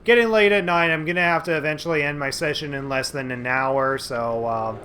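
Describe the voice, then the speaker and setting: Man, let's play host, casual gameplay chatter, a bit high-pitched, stumbles and restarts often. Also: sharp tone, clear, resonant tone. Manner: rambling, halting, many fillers and restarts.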